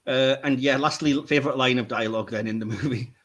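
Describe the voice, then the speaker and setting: A man's voice: mid-range voice, quick pace, a bit bright. A man hosting a casual podcast chat, teasing his guests and laughing often. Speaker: podcast host.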